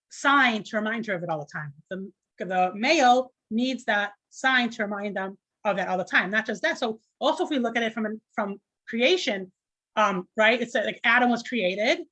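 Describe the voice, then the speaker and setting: A woman with a slightly high voice leads an informal class. She talks in a chatty, loose way, full of fillers and restarts. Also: a bit bright. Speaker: teacher.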